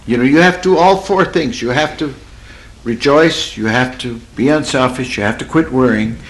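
A man preaching a sermon in a folksy, conversational way, slowing down to stress points and chuckling at his own stories. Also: poor audio. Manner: drawls and slows for emphasis, swoops in pitch. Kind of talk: sermon teaching.

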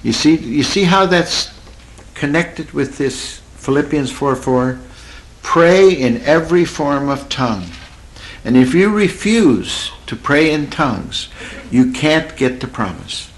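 A man preaching a sermon in a folksy, conversational way, slowing down to stress points and chuckling at his own stories. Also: expressive, low-quality recording. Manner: drawls and slows for emphasis, swoops in pitch. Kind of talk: sermon teaching.

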